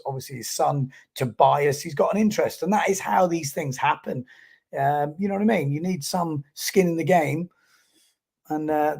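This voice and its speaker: A man's voice: fairly high pitch, gravelly, a little mellow, breathy edge. A man giving chatty live commentary on a sports stream and reading out viewer comments.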